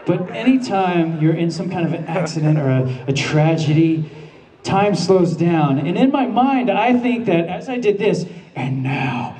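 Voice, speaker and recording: A man's voice: sits high, moderate pace, warm tone. A man at a convention panel telling a comic anecdote on stage, acting out his own panic in quoted bits. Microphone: filmed from the audience at a distance. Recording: distant audience camera recording.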